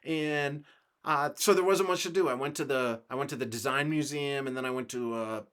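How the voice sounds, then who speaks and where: A man from the United States talks on his own podcast in a loose, rambling storytelling manner, with an ordinary mid-range voice. He swears freely and chuckles through his anecdotes, relaxed and unscripted. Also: mid-range voice, fairly quick. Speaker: podcast host.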